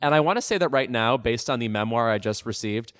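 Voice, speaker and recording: Wry man with a lively voice. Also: mid-range voice, quick pace, clean tone. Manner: wry, sardonic, self-deprecating. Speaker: podcast co-host. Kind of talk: casual pop-culture chat.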